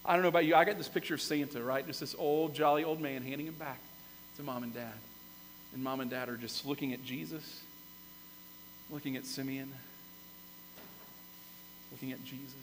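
A man preaching a sermon as pastor, telling the story with lively, animated emphasis that swells to loud peaks. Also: mid-range voice, moderate pace, long pauses, in a large hall, slight background noise, poor audio. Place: church sanctuary.

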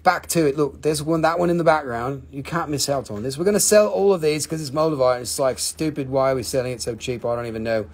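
A man's voice: mid-range voice, fast talker, few pauses. A man hosting a live crystal sale stream, joking around and calling out buyers' names and prices. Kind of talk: live sales stream chat.

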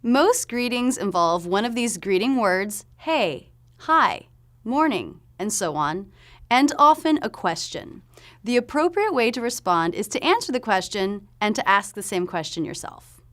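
A woman giving a pronunciation lesson, explaining sounds clearly and demonstrating them slowly. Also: mid-range voice, sing-song, fairly bright tone. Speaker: pronunciation teacher.

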